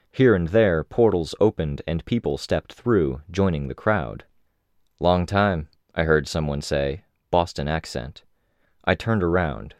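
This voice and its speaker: A man reading a novel aloud in the first person, with measured, even storytelling. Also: a bass voice, no echo, studio quality. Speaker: audiobook narrator.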